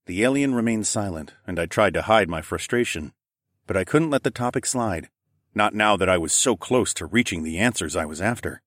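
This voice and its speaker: A man reading a first-person novel in a lowish voice. He moves briskly through the narration and pushes harder in the dialogue. The sound is dry and close, with no room around it. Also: expressive, no room sound. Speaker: audiobook narrator.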